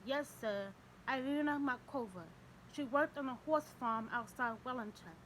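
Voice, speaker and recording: A woman's voice: high voice, moderate pace, a bit bright, a little hiss or hum, poor audio. A woman reading the lines of a male homicide detective who questions politely and persistently in an audiobook. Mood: steady.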